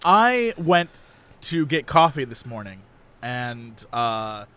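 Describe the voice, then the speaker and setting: A man's voice: medium pitch, very animated, slow pace, fairly bright tone, smooth. A man co-hosting a casual podcast chat as the skeptic, dry and teasing.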